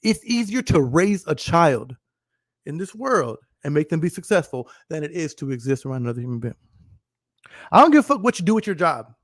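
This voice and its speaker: Male podcast host, thirties, slightly high voice, dry close sound; brash, swearing, laughs a lot. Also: sing-song, brisk, no echo. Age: 30s. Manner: profane, emphatic, laughs often. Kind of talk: casual livestream monologue.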